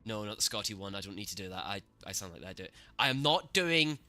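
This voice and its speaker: A man streaming gameplay, reacting excitably to the match and talking to his chat, cursing at the game. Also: sits low, racing, faint music behind. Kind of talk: live gameplay commentary.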